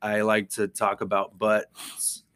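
A man's voice: lowish voice, completely flat delivery, slow pace, a bit bright, no room sound, studio quality. Sex: man. Role: sarcastic barber co-host. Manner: sarcastic, profane, playful. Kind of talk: casual podcast banter.

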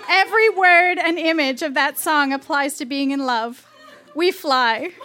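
Woman, live stage reading, diary entries, comic sincerity, very high pitch. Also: unhurried, sharp tone, some chatter behind, a little hiss or hum. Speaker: reader of her teenage diary.

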